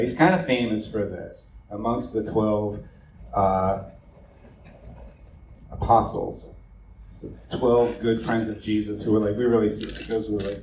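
A man's voice: fairly low pitch, darkish tone. A man leading an evening church meeting, talking to the congregation in a loose, chatty way full of fillers and asides. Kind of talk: casual evening talk to a congregation. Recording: echoey room, distant mic, faint noise.

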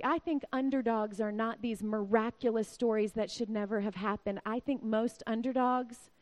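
A woman in her forties preaching a sermon, her delivery swinging from loud, excited outbursts down to near-whispers. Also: a little high.

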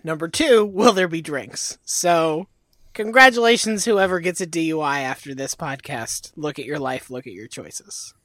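A man's voice: on the high side, lively intonation, moderate pace, a bit bright, no echo. A man co-hosting a podcast in casual chat, with a dry, teasing manner. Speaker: podcast co-host.

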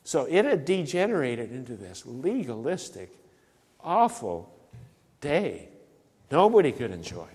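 A pastor preaching a sermon, emphatic and repeating key phrases for stress. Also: male voice, medium pitch, wildly swooping pitch, a little slow, a little mellow, husky, in a large hall. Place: church sanctuary.

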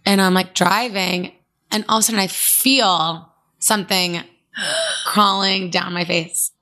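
A young woman co-hosting a podcast, telling a story in casual chat, expressive and quick with quips and gasps. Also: medium pitch. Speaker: podcast co-host.

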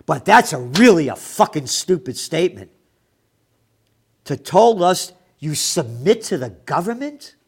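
A man's voice: on the high side, very animated, measured pace, vocal fry, a little mellow, breathy edge. A man ranting angrily about the news, swearing often and mocking the people he quotes. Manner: angry, profane, sarcastic, mocking quoted people. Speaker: commentator.

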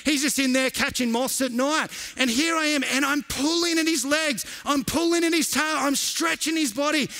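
A man preaching as a pastor, an animated storyteller who repeats lines for emphasis. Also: extremely high pitch, moderate pace, hardly any pauses, faint music behind. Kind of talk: sermon with storytelling.

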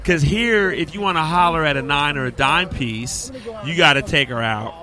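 A man, a comedian guest, talking loudly and animatedly in a casual banter interview, recorded outdoors at a live venue. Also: a little high, normal speed. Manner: loud, animated, keeps talking over others.

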